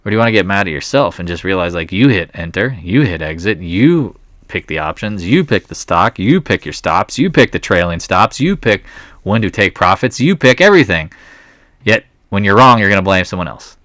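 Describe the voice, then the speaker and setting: A man's voice: sits low, sing-song, fairly quick, a bit bright, no echo, studio quality. A man hosting a live market stream, thinking aloud in a wry, blunt way as he reads through earnings.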